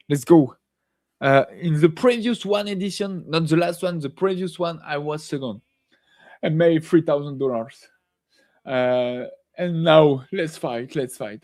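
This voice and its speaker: High-voiced man rambling over market charts. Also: a little mellow. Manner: rambling, self-correcting, humming "ta ta ta" while watching charts. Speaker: live trading show host. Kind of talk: casual live-stream market commentary.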